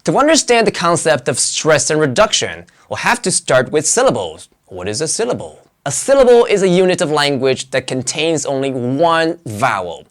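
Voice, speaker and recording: A pronunciation teacher narrating a scripted lesson in a lively, swooping voice. The delivery is clear and emphatic, with strong rises and falls at a mid pitch. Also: moderate pace, hardly any pauses.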